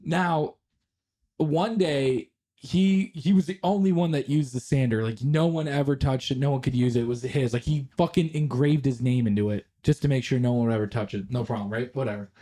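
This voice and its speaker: A man's voice: mid-range voice, brisk, dark tone. Rambling, laughing young man. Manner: rambling, swears a lot, laughs often. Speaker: podcast co-host. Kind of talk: casual chat storytelling.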